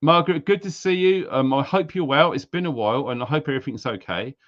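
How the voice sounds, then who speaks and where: A man's voice: on the high side, fast talker, highs cut off. A British man hosting a live stream in a casual, chatty way, greeting viewers one by one. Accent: British English. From England. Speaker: livestream host.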